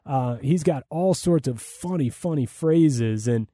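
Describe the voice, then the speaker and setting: A man with a deep, mellow voice talks shop with enthusiasm, circling back with fillers and restarts. The sound is dry and close, with no room around it. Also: expressive, unhurried, dry recording. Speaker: play-by-play broadcaster. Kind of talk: conversational interview answers.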